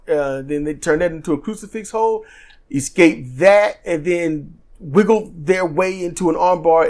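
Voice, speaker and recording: High-pitched guy chatting about wrestling matches, animated and jokey, laughs a lot. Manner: animated, acts out quotes in silly voices; joking, laughs often. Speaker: podcast co-host. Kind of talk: casual wrestling review chat.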